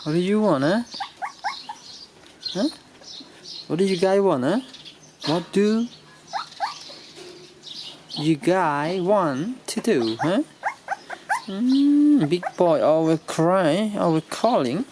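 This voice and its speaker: A woman's voice: fairly low pitch, very animated, slow, pauses often. A woman filming her dogs, cooing and coaxing her puppies in sing-song baby talk. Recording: noisy background hiss.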